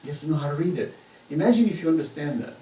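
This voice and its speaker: An Islamic lecturer with a voice on the high side races along animatedly, giving an impassioned lecture in a private home that mixes narrative with moral teaching. His loudness fluctuates widely, recorded from far away in an echoey space with faint noise.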